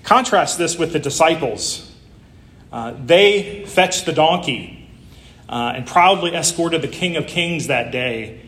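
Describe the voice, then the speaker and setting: A man's voice: fairly high pitch, expressive, takes it slowly, a bit bright, reverberant. A man preaching a Palm Sunday sermon, conversational and full of rhetorical questions. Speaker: pastor.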